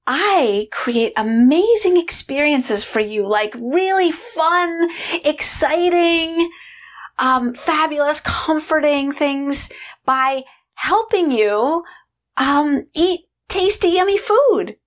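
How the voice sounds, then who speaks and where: A woman voicing her inner food indulger as a sweet, eager little girl, slow and breathy. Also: on the low side, lively intonation, a bit bright.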